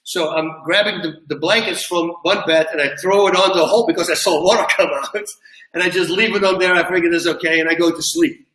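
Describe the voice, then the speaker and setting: A man telling a long, funny personal story in an animated way, laughing as he goes and acting out what people said. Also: sits high, fairly quick. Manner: lively, laughs at his own story, acts out quotes. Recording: roomy, from a distance.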